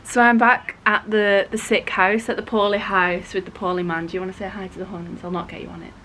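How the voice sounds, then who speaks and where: A woman's voice: medium pitch, little pitch movement, brisk, sharp tone. A young woman, heavily pregnant, chatting casually and gushing in a vlog, with the odd swear. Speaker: vlogger.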